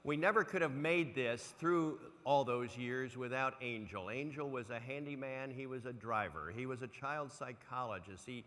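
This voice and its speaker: A man's voice: medium pitch, normal speed, few pauses, a little hiss or hum. Older man telling stories in an echoing hall. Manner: animated storyteller who acts out quoted lines with big swings in loudness. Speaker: motivational speaker. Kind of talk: keynote speech with anecdotes. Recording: long hall reverb.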